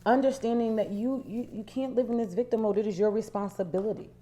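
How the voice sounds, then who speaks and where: A woman life coach giving a preachy motivational talk, repeating her key phrases with force and then dropping to quiet, low asides. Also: steady tone, quick pace.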